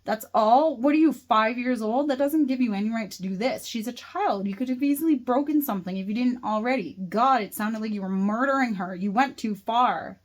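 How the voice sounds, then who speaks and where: A woman reading aloud, voicing a protective young woman who confronts someone in a sharp, furious tone. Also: medium pitch, quick pace, hardly any pauses, close to an everyday voice.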